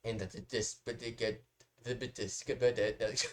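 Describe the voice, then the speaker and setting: A man's voice: fairly low pitch, steady tone, normal speed, slight background noise. A man hosting a reaction video, talking casually in a rambling, talkative way and swearing often.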